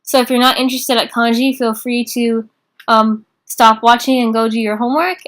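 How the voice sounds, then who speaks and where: A young woman teaching a casual beginner class in an informal, chatty way, slowing down to repeat phrases. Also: a little high, steady tone, fairly bright tone. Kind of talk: casual online lesson.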